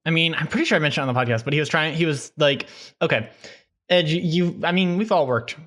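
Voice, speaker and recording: A young man in casual podcast chat with a fairly high voice. He tells stories in an animated way, laughs often and swears freely. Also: quick pace. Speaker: podcast co-host.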